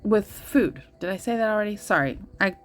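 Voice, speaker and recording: A woman's voice: medium pitch, lively intonation, a little fast, faint music behind. A woman in her thirties hosting a casual vlog, rambling with many fillers and restarts, gushing and easily moved. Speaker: tarot channel host. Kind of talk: casual coloring-and-chat vlog.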